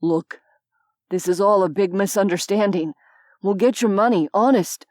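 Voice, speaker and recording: Woman voicing a croaky frightened debtor. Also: high voice, moderate pace, no room sound, studio quality, lightly acted. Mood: pleading. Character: frightened male debtor, nervous and pleading.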